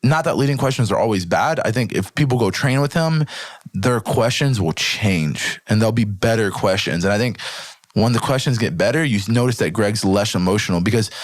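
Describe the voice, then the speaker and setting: A man talking casually on a podcast as a guest, an animated storyteller who swears freely, fills his talk with "like" and "right", and lifts his voice to act out quoted speech. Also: fairly low pitch, moderate pace, no echo, clean studio sound. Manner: acts out quoted speech in a livelier voice. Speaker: podcast guest, jiu-jitsu athlete.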